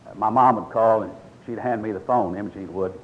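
A man's voice: lowish voice, fairly quick, muffled recording, a little hiss or hum. Folksy older man preaching a sermon. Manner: folksy storytelling with scripture reading.

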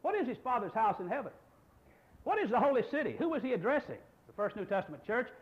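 A man's voice: very high voice, very animated, fast, lo-fi sound. A man in his sixties, a pastor preaching a sermon, emphatic and full of rhetorical questions. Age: 60s.

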